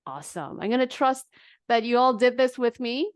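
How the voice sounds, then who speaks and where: A woman coaching a live online negotiation workshop, guiding the audience calmly and asking them questions. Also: fairly high pitch, normal speed, no room sound, clean studio sound.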